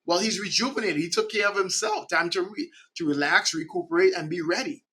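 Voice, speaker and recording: A middle-aged man from the Caribbean, a podcast guest speaking in an animated way and often checking in with "right?". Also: high-pitched, brisk, breathy edge. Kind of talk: conversational interview.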